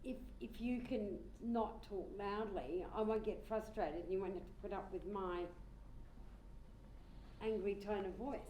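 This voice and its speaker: A woman's voice: mid-range voice, unhurried, mellow, close to an everyday voice. A woman playing a frustrated coworker in a mediation role-play, blunt and exasperated as she explains her grievance. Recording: roomy with faint crowd and noise.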